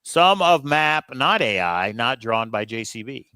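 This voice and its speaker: Male co-host with a bright tone, dry close-mic sound, offhand and wry, casual chat delivery. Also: medium pitch, very animated, unhurried, smooth, no room sound. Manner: wry, offhand, jokey asides.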